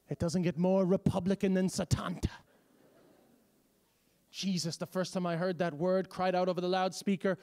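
A man doing live stand-up comedy, animated and swearing, with loud bursts of shouting. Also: high voice. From United States. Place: large live venue with audience. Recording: live show with audience noise.

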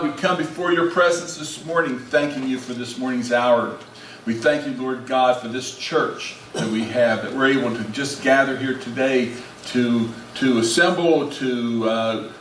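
A male pastor preaching a sermon and leading prayer in a folksy, conversational way with many restarts. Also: medium pitch. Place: church sanctuary. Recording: echoey church, distant, faint hiss.

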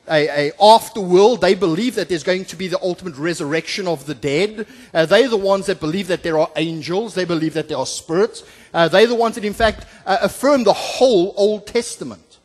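A pastor with a high voice preaches through a scripture passage, often pausing on "uh" and restarting his sentences. He moves between emphatic, louder passages and quiet, low asides. The sound carries a long church reverb. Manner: expository preaching with frequent filler "uh" and restarts; swings from emphatic to soft and low. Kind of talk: sermon. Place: church sanctuary.

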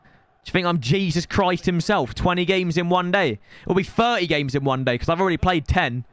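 A man's voice: sits high, moderate pace, fairly bright tone, no echo. A man, commentating his own game on a live stream in an exasperated, ranting way.

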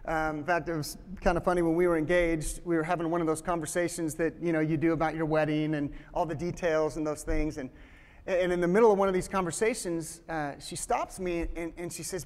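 A man in his forties preaches as a guest speaker and opens with joking stories. He restarts his sentences often in a loose storytelling way. His voice sits high, and the sound rings with long reverb in a large hall. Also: fairly even intonation, a little fast. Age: 40s. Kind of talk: sermon with humorous stories.

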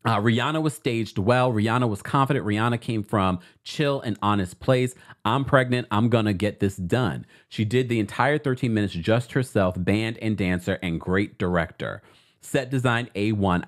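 A man hosting an entertainment commentary channel, reading out social posts and reacting to them in a casual, animated way. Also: fairly low pitch, normal speed. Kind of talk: casual commentary with a sponsor read.

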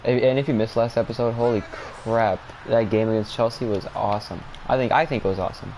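Excitable young man blurting game reactions. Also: medium pitch, a little fast, slight background noise. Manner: self-mocking, rambling asides. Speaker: gamer streaming a football video game. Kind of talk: live gameplay commentary.

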